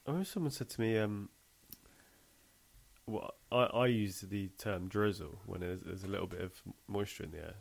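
A man's voice: fairly low pitch, normal speed, gravelly. A man co-hosting a podcast, telling jokey stories in laid-back casual chat. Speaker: podcast co-host.

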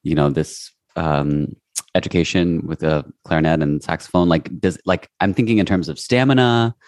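A man's voice: low voice, normal speed, a little mellow, dry recording, clean studio sound. A man co-hosting a podcast, asking easygoing, loosely phrased questions. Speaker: podcast co-host. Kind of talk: casual interview chat.

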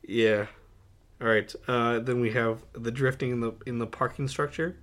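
A young man co-hosting a casual movie podcast, going through his notes with lots of "uh"s, laughing often and getting animated. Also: mid-range voice, normal speed. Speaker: podcast co-host. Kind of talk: casual movie-review chat.

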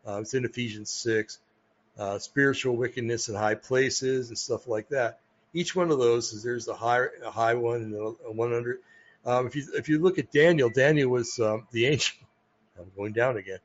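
An American man hosting a podcast, talking casually about religion in a rambling way, with many pauses and restarts. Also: mid-range voice, muffled recording. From United States. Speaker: podcast host. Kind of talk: casual religious talk monologue.

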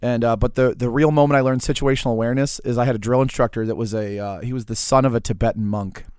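Fast-talking man from Louisiana. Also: medium pitch, clean tone, no room sound, clean studio sound. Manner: quick, wry, deadpan humor. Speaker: podcast guest, veteran. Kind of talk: casual storytelling.

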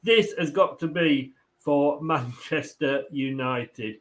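A man's voice: fairly high pitch, takes it slowly. A man hosting a casual football chat, reading viewer comments, chatty and rambling, laughing often. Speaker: football channel host.

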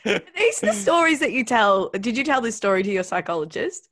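A woman's voice: mid-range voice, sing-song, fairly quick, fairly bright tone. A woman hosting a casual interview, often laughing and asking questions. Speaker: interview host.

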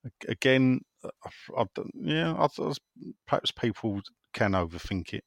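A man's voice: medium pitch, sing-song, moderate pace, creaky, no room sound. A man hosting a casual football chat show, reading out listener messages with wry, teasing asides and frequent self-interruptions. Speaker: football phone-in host.

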